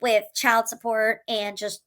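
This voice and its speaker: A woman's voice: fairly high pitch, flat delivery, takes it slowly, fairly bright tone, rough recording. A woman, a single mother, earnestly telling her own life story to camera, emotional, with tumbling restarts and repeated words. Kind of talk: candid personal storytelling to camera.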